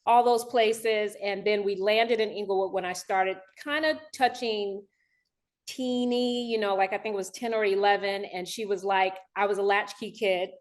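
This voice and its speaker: An American woman from the Los Angeles area, speaking in an interview with animated, emotional talk and frequent restarts. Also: mid-range voice, moderate pace. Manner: animated, laughing, restarts often. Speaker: guest dancer and director.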